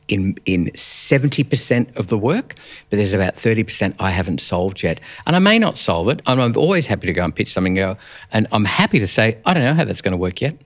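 A man speaking as a guest in a relaxed theatre conversation, acting out his own thoughts in little quoted asides. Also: lowish voice. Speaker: guest, writer. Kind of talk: casual conversation.

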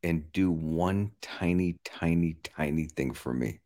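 A middle-aged man, a comedian, chatting on a podcast in an animated, emphatic and profane way. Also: deep voice, measured pace, few pauses. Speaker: comedian guest. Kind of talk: casual podcast chat.

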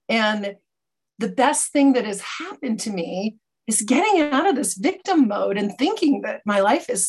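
A woman's voice: fairly high pitch, slightly rough. A middle-aged woman giving an earnest, reflective personal testimony about her recovery, often restarting her sentences. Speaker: speaker sharing a personal recovery story.

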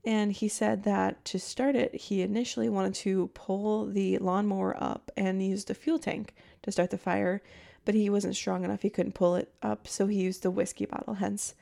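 Gravelly-voiced woman hosting a podcast. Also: medium pitch, level tone, moderate pace, dark tone. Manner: chatty, emotional retelling with fillers. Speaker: podcast host. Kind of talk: true crime podcast narration. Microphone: podcast microphone.

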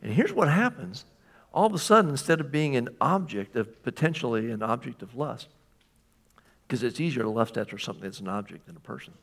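A male pastor delivering a sermon in a relaxed, conversational way. He keeps asking the congregation questions and checking that they follow, with a mid-range voice. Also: mid-range voice, a little fast, creaky.

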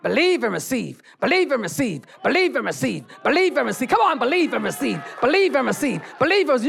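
A preacher delivering a fiery church sermon, repeating phrases, calling for the congregation to answer, and bursting into shouts. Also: sits high, very animated, quick pace, gravelly, few pauses.

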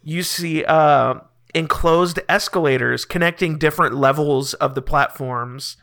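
Game master, male, bright and slightly high voice, halting filler-heavy narration of a tabletop game.

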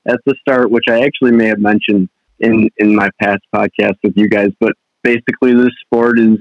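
A man's voice: on the low side, no echo. A young man, a fishing guide and guest, talking casually in a rambling way with many restarts. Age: young adult. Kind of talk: casual podcast chat. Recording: dull dry podcast audio.

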